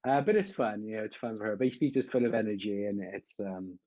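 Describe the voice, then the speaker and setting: A man's voice: lowish voice, brisk, warm tone, highs cut off. A man in his thirties with a West Country English accent, chatting casually as an interview guest and laughing often. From Southwest England. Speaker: guest drummer. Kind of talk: casual video call chat.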